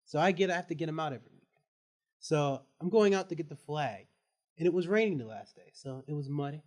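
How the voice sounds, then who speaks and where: A male student on a casual podcast, telling an animated story and laughing as he goes. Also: on the high side, quick pace. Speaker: student guest.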